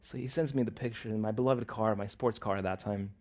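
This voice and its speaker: A man preaching in a church, opening in prayer and then telling a personal story with frequent laughs, swinging between loud bursts and quiet asides. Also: fairly low pitch, fairly even intonation, fast talker.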